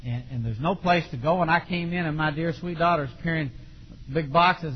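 A middle-aged man preaching a sermon in a folksy, animated way, with sudden shouts. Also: a little high, breathy edge. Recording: dull lo-fi recording in a long-reverb hall.

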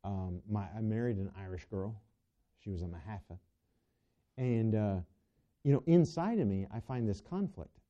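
This preacher has a lowish, mellow, expressive voice and moves at a moderate pace through his sermon. He poses rhetorical questions to the congregation, stumbles, and restarts his lines often, all captured on a dull lo-fi recording.

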